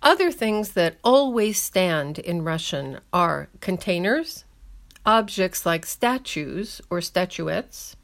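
A woman's voice: fairly low pitch, lively intonation, slow pace, creaky. A woman hosting a scripted language lesson with wry, dry humor, speaking English as her first language. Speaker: language column host.

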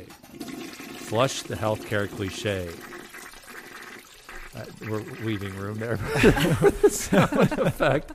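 Animated low-voiced man hosting. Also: a little hiss or hum. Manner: animated, quick to laugh and jump into put-on voices. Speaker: podcast host. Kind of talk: casual podcast chat.

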